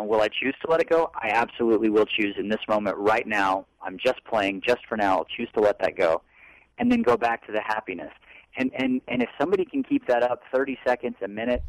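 A man's voice: mid-range voice, dry recording, poor audio. A man co-hosting a self-help talk show, rambling earnestly and acting out his own inner thoughts. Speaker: co-host.

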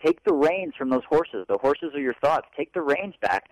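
A man's voice: fairly high pitch, very animated, moderate pace, no room sound, rough recording. Earnest man musing on mindset, dry sound. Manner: earnest, rambling, acts out inner voices. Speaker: co-host. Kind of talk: casual self-help talk show.

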